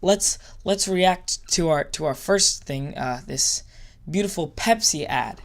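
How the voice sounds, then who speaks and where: A man's voice: a little high, takes it slowly, a bit bright. A man giving casual reaction commentary in a sarcastic, mock-enthusiastic ranting way. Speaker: YouTube commentator.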